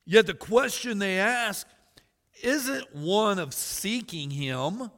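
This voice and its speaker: A man's voice: sits high, lively intonation, takes it slowly, fairly bright tone, big-room sound. A man preaching a sermon as pastor, earnest, building emphasis and joking asides to the congregation.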